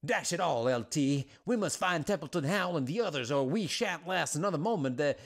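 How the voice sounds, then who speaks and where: A fussy, flustered professor urging the others along, as a man plays him. Despite the character, the voice carries a western drawl rather than a British one. He rushes his words in a raised pitch. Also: expressive. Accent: western drawl, not British.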